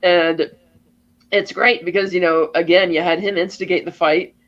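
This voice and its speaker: A man's voice: high voice, steady tone, normal speed, a bit bright, highs cut off. A man co-hosting a podcast, animatedly retelling film scenes step by step and acting out the lines. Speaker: podcast co-host. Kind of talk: casual film discussion.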